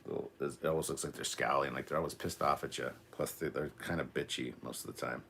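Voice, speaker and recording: Deep-voiced Canadian man chatting live. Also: steady tone, fast talker, vocal fry, a bit bright, slight background noise. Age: 40s. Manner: rambling, reads chat aloud, many ums. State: coughing. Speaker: livestream host. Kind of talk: casual live reaction chat.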